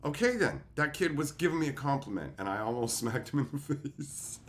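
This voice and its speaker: Profane, animated man chatting on stream. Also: medium pitch, fairly quick. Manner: profane, laughing storyteller. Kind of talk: casual livestream chat, reading chat.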